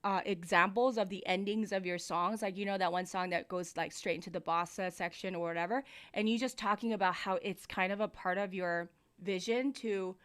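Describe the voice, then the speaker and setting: A woman's voice: medium pitch, steady tone, fairly quick, hardly any pauses, fairly bright tone, clear, resonant tone. Casual woman coaching on a livestream. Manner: casual, explanatory, demonstrates mic technique. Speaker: host giving music feedback. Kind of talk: livestream music review and coaching. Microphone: studio mic, moved near and far.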